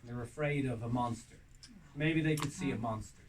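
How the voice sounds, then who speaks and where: A man doing stand-up comedy, animated, with bursts of loud shouting when acting out scenes. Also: medium pitch, brisk. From Ireland. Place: castle room with live audience. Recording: distant mic, audience noise.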